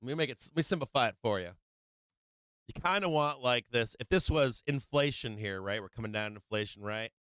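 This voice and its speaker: Brash and foul-mouthed, a man hosting a stock market show streams live commentary that alternates between loud emphasis and softer, lower explanation. He comes across as animated and brisk, and the recording is smooth and dry.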